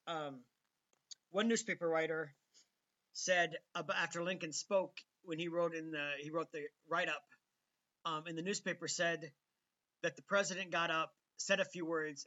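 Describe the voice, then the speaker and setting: A man's voice: a little high, pushed and bright, highs cut off. A man hosting a political commentary show, talking casually with many ums and restarts. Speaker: host.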